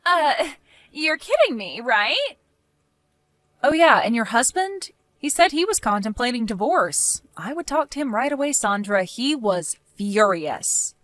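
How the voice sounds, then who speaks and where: A woman's voice: high-pitched, sing-song, unhurried, fairly bright tone, no echo. A woman narrating a first-person story and speaking firmly, scolding a neighbor. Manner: firm, scolding.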